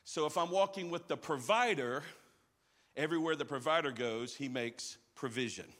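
Male pastor, somewhat high and forceful voice, energetic live sermon with call-outs, long sanctuary echo. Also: normal speed. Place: large church auditorium.

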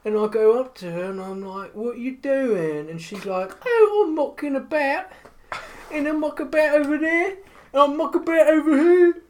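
A man's voice: very high voice, expressive, normal speed, voice pushed up. A man voicing a silly young reality-show man, with an exaggerated, mocking lilt.

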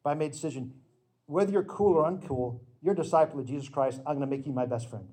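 A middle-aged man preaching a sermon with slides, in an earnest, emphatic storytelling manner that breaks into sudden loud bursts. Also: a little high, quick pace, husky.

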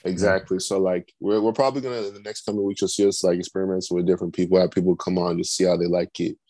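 A man's voice: low voice, little pitch movement, fast talker, mellow, no echo. A man co-hosting a podcast in casual chat, rambling and saying "like" constantly. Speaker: podcast co-host.

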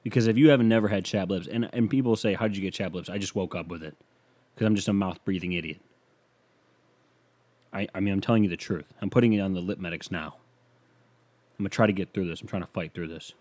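Brief: young male podcast host, rambling self-mocking comic monologue, lowish voice. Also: fast talker, long pauses, darkish tone. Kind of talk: comedic solo podcast monologue. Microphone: studio microphone.

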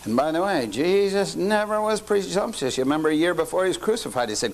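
A man's voice: a little high, lively intonation, fast talker, gravelly, hardly any pauses, slight background noise. An older man teaching a lecture-style sermon, folksy, often quizzing his listeners with questions. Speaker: lay teacher.

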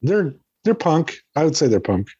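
A man's voice: a little high, very animated, normal speed, mellow, slightly rough, dry recording, muffled recording. A man, a former co-host back as a guest, chatting in an easygoing way and laughing often. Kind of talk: casual chat.

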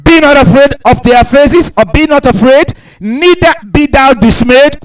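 A man preaching a sermon, dropping to quiet asides and rising to loud, drawn-out scripture readings, asking the congregation to answer back. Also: extremely high pitch, poor audio. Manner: calls out to the congregation for responses.

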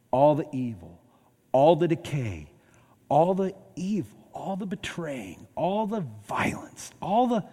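A man preaching a sermon as pastor, emphatic, swinging between raised and hushed delivery. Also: on the high side, in a large hall.

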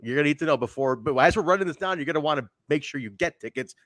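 A man's voice: a little high, racing, no echo. A man hosting a podcast in casual chat, joking and teasing his co-host. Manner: joking, animated, playful teasing.

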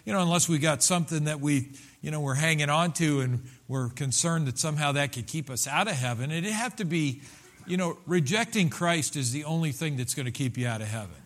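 A man's voice: a little high, lively intonation, fairly quick, a bit bright. A male pastor preaching a sermon in a loose, conversational way, with many restarts and fillers and bursts of emphasis.

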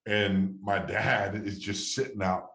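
A man's voice: lowish voice, level tone, slow, fairly bright tone, reverberant. A man in his thirties, a former ballplayer, telling a story from his career in a rambling, heartfelt way with many restarts. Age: 30s. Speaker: former baseball player, guest. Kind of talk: casual storytelling interview.

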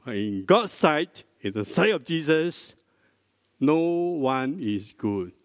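Slow, higher-voiced older man preaching. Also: big pitch swings. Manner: slow, deliberate teaching, prompting the congregation with questions. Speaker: pastor. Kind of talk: sermon. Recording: dry close mic with long hall reverb.

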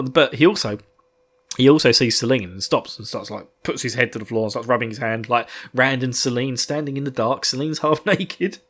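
A man's voice: medium pitch, fairly quick, a bit bright. A man casually recapping a book, joking, laughing often and acting out the characters.

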